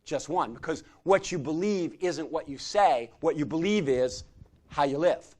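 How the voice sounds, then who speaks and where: A middle-aged man speaks to a gathering in the manner of a sermon, carrying his stories with a fairly high voice. He swings between loud, energetic passages and hushed, earnest ones. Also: a little slow. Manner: animated storyteller who swings from loud chanting to quiet intensity. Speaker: secular humanist chaplain and guest speaker. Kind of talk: storytelling sermon-style talk. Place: community gathering hall.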